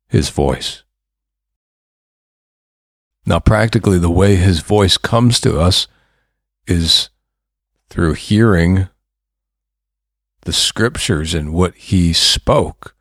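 Guy preaching a sermon real slow, low voice, gets fervent, dry sound. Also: no room sound. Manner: fervent, rising to emphatic bursts.

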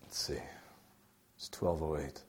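A young adult man preaching a sermon, swinging between loud exclaiming and quiet, near-whispered passages. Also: a bass voice, steady tone, measured pace, a little hiss or hum.

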